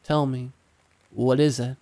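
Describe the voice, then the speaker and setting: A man voicing a sinister, contemptuous wood spirit trapped below ground, speaking in a slow, hissing way. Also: mid-range voice, little pitch movement, mellow, dry recording. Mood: demanding.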